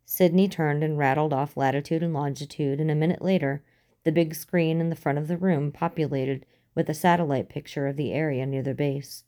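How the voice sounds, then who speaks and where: A woman reading a story aloud in a steady, even storytelling manner, as an audiobook. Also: sits low, brisk. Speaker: narrator. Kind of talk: audiobook reading of fan fiction.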